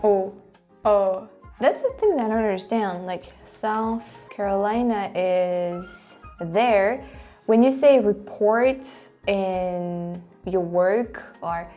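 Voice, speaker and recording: French woman reacting, mellow voice. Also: medium pitch, slow, faint music behind. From France. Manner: animated, exclaiming and laughing often. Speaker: host. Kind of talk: casual reaction commentary.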